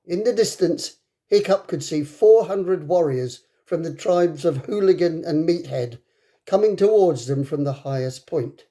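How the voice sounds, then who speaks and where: A man reading a children's book aloud to a class, with expressive, dramatic delivery. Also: on the high side, measured pace. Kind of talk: storybook read-aloud. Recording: echoey room.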